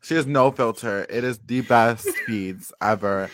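Woman, very low voice, quick laughing asides. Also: background noise. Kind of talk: casual chat.

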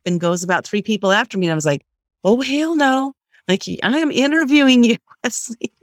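A middle-aged woman tells a story as an interview guest. She talks in an animated way and puts on the voices of the people she quotes. The sound is dry and close, with no room echo. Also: on the low side. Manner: lively storyteller who acts out quoted voices.

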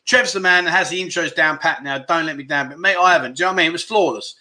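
Chatty male livestream host, bright timbre, self-deprecating banter with viewers. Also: fairly high pitch, rapid-fire. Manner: chatty, jokey, self-deprecating, reads comments aloud. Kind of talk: casual chat reading viewer comments. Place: home livestream setup.

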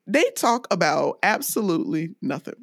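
A woman's voice: lowish voice, sing-song, moderate pace. A woman from the US South co-hosting a podcast, reviewing a movie in casual chat and laughing often. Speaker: podcast co-host.

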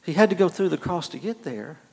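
A man preaching a sermon, halting and repeating words, moving between quiet and emphatic phrases. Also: on the high side, lively intonation, creaky. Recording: long hall reverb.

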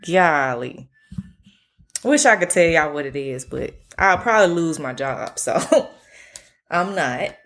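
Solo podcast host, woman, a bit low-pitched, monotone and easygoing, swears freely. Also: a little slow. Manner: self-described monotone delivery; relaxed, slangy, swears casually. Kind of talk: casual solo podcast chat.

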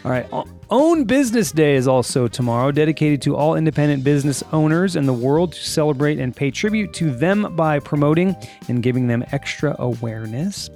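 Podcast host guy, gravelly, kinda high, rambles and jokes around, dry sound. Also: expressive, fairly quick, darkish tone, faint music behind. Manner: rambling, jokey storytelling. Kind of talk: casual chat.

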